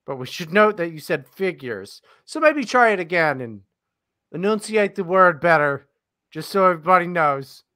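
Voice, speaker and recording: A man's voice: high voice, big pitch swings, moderate pace, pushed and bright, no room sound, studio quality. A man co-hosting a podcast in casual chat, teasing and swearing in jokey banter. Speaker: podcast co-host.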